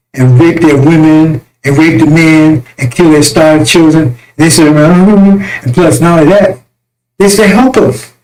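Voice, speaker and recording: Male preacher, high pitch, fiery and crude, mocking tone, rambling prophetic rant. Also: a little mellow, poor audio. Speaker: self-styled religious messenger. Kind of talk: impassioned religious rant.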